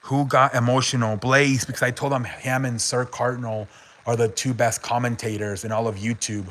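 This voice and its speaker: A man chatting loosely on a sports stream, reading viewer messages aloud and swearing freely. His voice sits at an ordinary middle pitch, with trailing restarts and filler between thoughts. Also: flat delivery, moderate pace, a bit bright, slight background noise. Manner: rambling, swears often, reads chat aloud. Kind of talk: casual live-stream sports talk.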